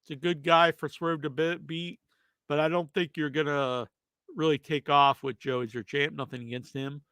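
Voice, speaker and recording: A man's voice: fairly high pitch, steady tone, moderate pace, sharp tone, clear, resonant tone, no room sound. A man hosting a live podcast with a stuffed-up nose, answering viewer questions in a rambling, casual way with plenty of fillers. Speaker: podcast host. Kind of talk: casual live-stream chat.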